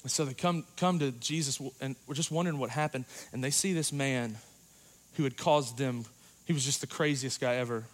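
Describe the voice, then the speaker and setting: A man preaching a sermon in a dynamic, conversational way, swinging between loud passages and hushed ones. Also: medium pitch, moderate pace. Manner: conversational, uses "like" and "you know".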